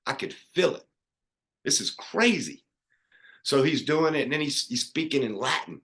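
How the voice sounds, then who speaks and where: A middle-aged man, a podcast guest, telling a personal story in an earnest, animated way with many restarts. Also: a little high, moderate pace, gravelly, pauses often.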